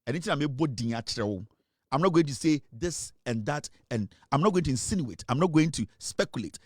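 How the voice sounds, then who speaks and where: A man hosts a live talk show, hurling repetitive, threatening accusations in heated commentary. His mid-range voice is expressive and fairly quick, captured in a dry, studio-quality recording.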